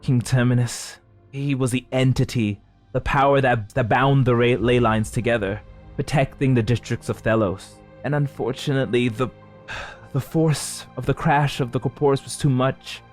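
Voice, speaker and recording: A man voicing a weary, gentle woman of a resistance, explaining softly in a higher voice. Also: steady tone, normal speed, faint music behind, close to an everyday voice.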